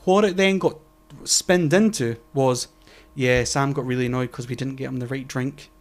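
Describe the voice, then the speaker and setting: A man's voice: mid-range voice, normal speed. A man chatting on a podcast, cursing freely as he tells a story. He acts out both sides of every argument in his own voice, with plenty of restarts and filler words. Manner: swearing storyteller, acts out quoted exchanges. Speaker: podcast co-host. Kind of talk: casual podcast chat.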